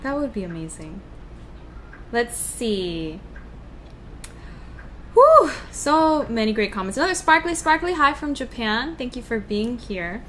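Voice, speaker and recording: A woman's voice: a little high, big pitch swings, measured pace, long pauses, fairly bright tone, a little hiss or hum. A young woman co-hosting a casual livestream, chatting and reading viewer comments aloud. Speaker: livestream co-host.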